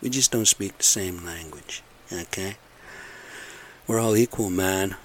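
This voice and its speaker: Middle-aged man, very low voice, blunt aggrieved rambling monologue to camera. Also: unhurried, slight background noise. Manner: aggrieved, blunt, repetitive ranting.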